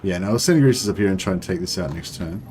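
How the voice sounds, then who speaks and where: A man's voice: deep voice, expressive, quick pace, darkish tone, slight background noise. A man giving casual, rambling commentary as he plays a strategy game, with frequent ums and restarts. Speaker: gaming streamer.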